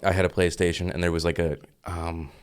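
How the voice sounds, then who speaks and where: A man with a very low, smooth, resonant voice chats casually on a podcast. He talks haltingly, often pausing to search for the right word. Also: flat delivery. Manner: halting, hesitant, searching for words. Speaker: podcast co-host. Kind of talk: casual chat.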